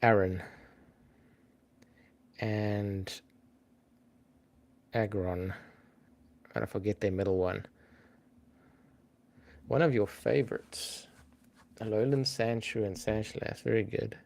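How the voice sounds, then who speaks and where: A man's voice: lowish voice, steady tone, slow pace, gravelly, long pauses, darkish tone. A man hosting a live-stream trivia game in a casual, chatty way, thinking aloud and greeting viewers by name.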